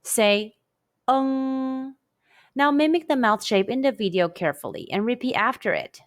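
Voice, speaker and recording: A woman teaching a scripted pronunciation lesson, saying sounds slowly and carefully for the listener to repeat. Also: on the high side, animated. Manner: slow, careful, model pronunciations. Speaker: Chinese language teacher.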